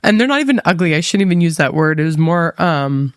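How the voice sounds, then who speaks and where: A woman's voice: deep voice, big pitch swings, quick pace, dry recording, studio quality. A middle-aged woman speaking as a podcast guest, earnest and openly emotional, with many fillers as she talks. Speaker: podcast guest, mindset coach. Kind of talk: candid interview conversation.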